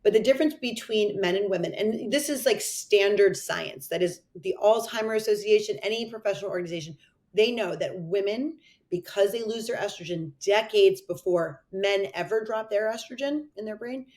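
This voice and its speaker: A woman doctor speaking as a podcast guest, animated and emphatic with quick asides. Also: medium pitch. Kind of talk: podcast interview.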